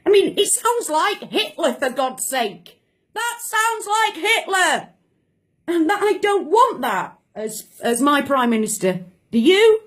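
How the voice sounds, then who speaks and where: A woman's voice: sits high, very animated, slow pace, a bit bright. A woman ranting angrily to camera, indignant and shaking with anger, repeating phrases for emphasis. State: furious and shaking. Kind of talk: angry political rant to camera.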